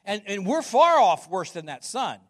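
A male pastor preaching with a high voice that swings widely in pitch. He is emphatic, doubles back on his words, and fires questions at the listeners. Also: big pitch swings, moderate pace. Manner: emphatic, repeats words, asks the congregation questions. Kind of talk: sermon.

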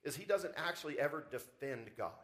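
A man's voice: fairly high pitch, animated, brisk, a bit bright. A man preaching a sermon as pastor, with rising emphasis and frequent rhetorical questions to the congregation. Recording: church service audio recording.

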